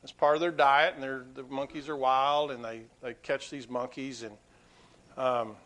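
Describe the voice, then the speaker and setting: A man preaching a sermon to his congregation, swinging between quiet asides and loud, emphatic peaks. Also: medium pitch, steady tone, normal speed. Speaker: pastor.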